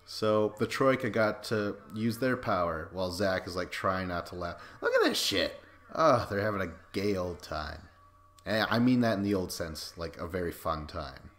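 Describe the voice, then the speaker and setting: A man's voice: low voice, sing-song, normal speed, a bit bright. A man hosting a podcast, giving casual, sarcastic commentary over a video and swearing freely. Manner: sarcastic, profane, frequent laughs.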